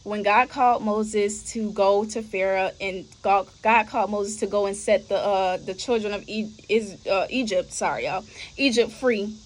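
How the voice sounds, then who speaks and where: A woman's voice: mid-range voice, normal speed. A young woman hosting a podcast, telling her faith testimony in a casual, conversational way and often addressing listeners as y'all. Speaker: podcast host.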